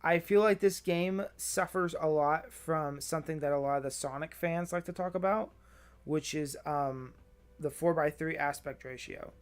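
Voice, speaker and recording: A young adult man streaming a video game, tired and rambling, with profane deadpan grumbling. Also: fairly high pitch, normal speed, clean tone. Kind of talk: casual gameplay commentary.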